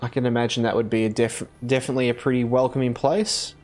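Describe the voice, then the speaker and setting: A man's voice: medium pitch, level tone, fast talker, a little mellow. Casual male streamer, mid-range voice, rambly and loose, faint game music underneath. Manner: rambling, filler-heavy, self-correcting. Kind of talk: casual live-stream chat while playing.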